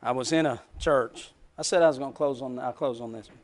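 A man's voice: medium pitch, a little fast. A man preaching a sermon, telling a story with emotive swells.

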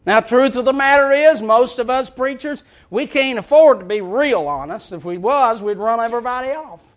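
A preacher delivers a sermon in a frank, folksy manner, breaking into chuckling asides. His voice sits high for a man. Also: normal speed. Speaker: pastor.

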